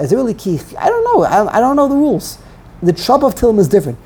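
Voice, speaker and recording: A man teaching a text study class, thinking aloud in a halting way and often repeating words. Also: high voice, huge pitch swings, creaky, a little mellow, breathy edge.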